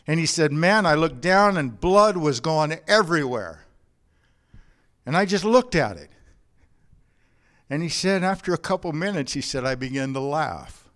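A man preaching a sermon in a storytelling way. His voice sits a little higher than most men's. He talks in loose, conversational bursts with frequent restarts. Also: a bit bright. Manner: storytelling with quoted anecdotes, frequent restarts and "you know". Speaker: pastor.

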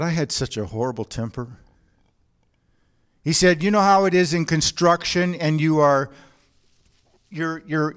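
A man preaching a sermon in a storytelling way. His voice sits a little higher than most men's. He talks in loose, conversational bursts with frequent restarts. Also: fairly bright tone, smooth. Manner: storytelling with quoted anecdotes, frequent restarts and "you know". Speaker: pastor.

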